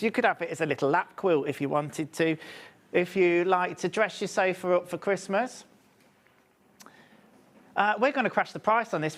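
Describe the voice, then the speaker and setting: A man's voice: sits high, fairly bright tone. A man, hosting a live TV shopping show in a studio with upbeat, chatty sales patter. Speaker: shopping channel presenter.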